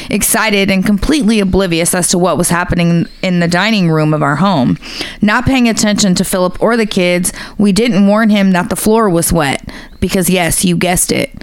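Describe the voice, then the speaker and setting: A woman's voice: medium pitch, clean tone, dry recording. A woman co-hosting a casual podcast, reading a listener's funny letter aloud and laughing through it, swearing freely. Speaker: podcast co-host.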